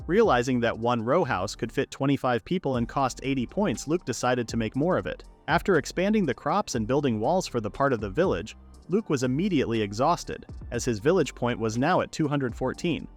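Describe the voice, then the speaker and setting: A man giving a scripted story recap narration in a steady storytelling read. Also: mid-range voice, fairly quick. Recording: narration with faint background music.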